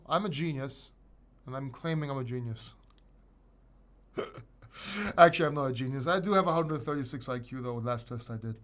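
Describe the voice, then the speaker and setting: A man's voice: mid-range voice, moderate pace, long pauses, a bit bright. A man hosting a casual livestream, talking loosely with plenty of swearing and reading out viewer comments. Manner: loose and profane, reads viewer comments aloud. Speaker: channel host.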